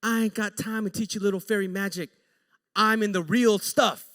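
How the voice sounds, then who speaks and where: A preacher doing a rude barista warlock. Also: male voice, high-pitched, fairly even intonation, moderate pace, fairly bright tone. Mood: dismissive. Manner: dismissive, then sheepish and apologetic. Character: rude young male barista claiming to be a warlock.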